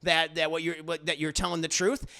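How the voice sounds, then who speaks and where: Man voicing a blunt young muscleman hero, gravelly, bright, swearing freely. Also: a little high, flat delivery, brisk. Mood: suspicious. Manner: blunt, profane, stammering. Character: huge, blunt young hero, suspicious and defiant.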